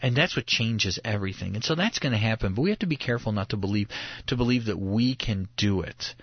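A man's voice: on the low side, fast, slightly rough, no room sound, lo-fi sound. A man in casual conversation about faith, telling stories in an earnest way, often restarting his sentences. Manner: earnest, animated storytelling with restarts.

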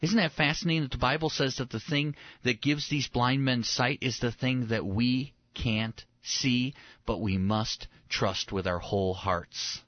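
A pastor talks through a Bible passage in an animated, conversational way, often doubling his words as he gets going. The recording is dry and a bit dull, with no room sound. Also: medium pitch, unhurried, no echo. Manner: animated, acts out quoted voices, repeats words when excited.

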